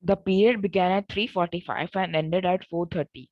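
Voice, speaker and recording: A woman reads a story aloud, breaking off now and then to explain it, with restarts and an odd "uh". Her voice sits fairly low and sounds close and dry, on a dull, muffled recording. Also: steady tone, no echo. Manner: halting, with self-corrections and fillers while retelling.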